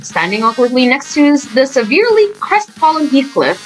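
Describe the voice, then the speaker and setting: A woman's voice: sits high, big pitch swings, fairly quick, hardly any pauses, fairly bright tone, faint music behind, poor audio. A woman reading a game story aloud, breaking off into gushing, giggly fan reactions.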